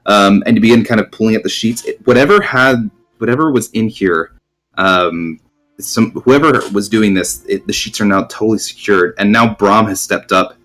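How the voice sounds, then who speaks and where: A man's voice: on the low side, moderate pace, a bit bright. A man narrating as game master in a tabletop game, rambling with many ums and restarts.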